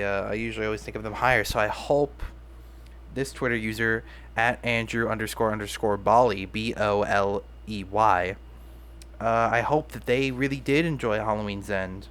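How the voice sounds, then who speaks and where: A young man talks alone on his podcast in a loose, unscripted ramble, often stopping to restart his sentences. His voice sits a little on the low side. He sounds self-deprecating and casual throughout. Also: a bit bright, a little hiss or hum. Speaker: podcast host. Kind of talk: casual solo podcast talk.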